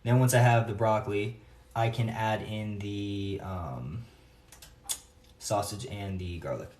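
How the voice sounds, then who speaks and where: A man's voice: on the low side, slow pace, a little mellow. A man talking casually to camera while he cooks in his home kitchen, thinking aloud as he goes. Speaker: home cook vlogger. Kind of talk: casual cooking vlog chat. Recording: roomy, distant, noisy kitchen audio.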